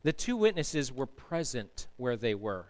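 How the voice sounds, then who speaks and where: In a church sanctuary, a man gives a sermon as pastor, his medium-pitched voice taking on a sing-song quality at a measured pace. He is emphatic and keeps asking the congregation to answer him.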